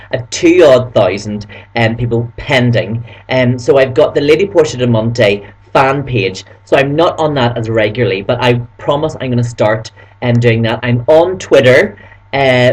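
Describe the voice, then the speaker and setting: A man's voice: medium pitch, breathy edge. A man with a Northern Irish accent chatting casually and upbeat to his viewers, with frequent fillers. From Northern Ireland. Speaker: vlogger. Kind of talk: casual chat to camera.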